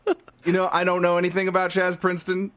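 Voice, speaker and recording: A man's voice: high voice, monotone, fast talker, a bit bright. A man co-hosting a casual podcast, reading out episode recaps, laughing mid-sentence and swearing casually. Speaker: podcast co-host.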